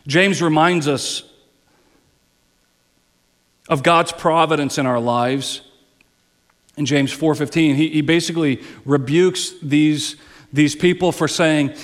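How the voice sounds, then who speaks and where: A male pastor preaches slowly in a big-room setting, with fairly even intonation and long pauses. He swells into emphatic high passages and falls back to soft, low phrases, sometimes repeating words as he restarts.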